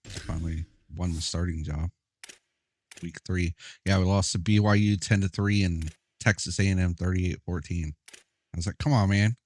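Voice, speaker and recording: A man's voice: deep voice, fairly even intonation, moderate pace, darkish tone. A young man chatting casually while playing a football video game, laid-back, profane and often laughing. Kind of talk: casual gameplay chat.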